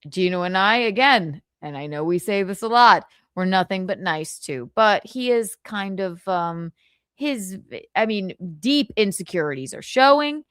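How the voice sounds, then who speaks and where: A woman's voice: mid-range voice, expressive, unhurried, fairly bright tone, smooth, no echo, clean studio sound. A woman hosting a casual livestream, giggling and teasing as she chats. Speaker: livestream host.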